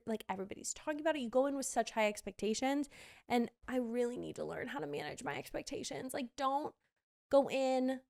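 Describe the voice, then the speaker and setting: A young woman hosts a casual podcast, gushing about shows she has seen. Her voice sits fairly high and comes across smooth and clear, with plenty of fillers. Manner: chatty, gushing, many fillers. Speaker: podcast host. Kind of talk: casual theater review chat.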